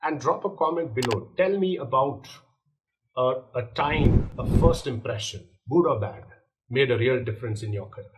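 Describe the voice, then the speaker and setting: A man's voice: medium pitch, lively intonation, moderate pace, heavy background noise. Man coaching on confident first impressions. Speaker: leadership coach. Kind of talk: scripted instructional monologue.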